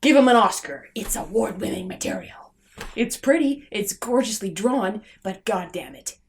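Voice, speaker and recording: A young woman vlogger ranting sarcastically and in exasperation about a film, swinging from loud outbursts to low muttering. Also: lively intonation, moderate pace.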